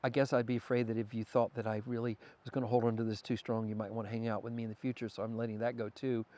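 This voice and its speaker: A man's voice: mid-range voice, flat delivery, racing, dark tone. A man talking as a podcast guest, earnest and spiritual in manner, sometimes stammering as he thinks aloud. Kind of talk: casual conversation.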